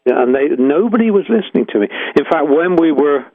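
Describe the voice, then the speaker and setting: A man's voice: fairly high pitch, expressive, fairly quick, dry recording. An older man, a guest musician telling frank, rambling stories full of restarts and acted-out quotes. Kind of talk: reflective storytelling interview. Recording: tinny phone-line sound, dry.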